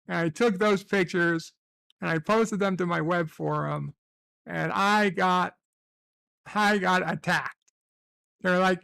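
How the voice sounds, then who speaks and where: A man's voice: high-pitched, slow pace, vocal fry, pauses often, sharp tone, dry recording. A man hosting a livestream from bed, telling rambling, profane, self-mocking stories in a casual way. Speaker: livestream host. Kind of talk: casual storytelling. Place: at home, in bed.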